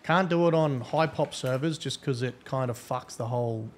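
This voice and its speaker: A man's voice: medium pitch, moderate pace, slight background noise. A man giving casual, profane, rambling live-stream commentary as a game streamer.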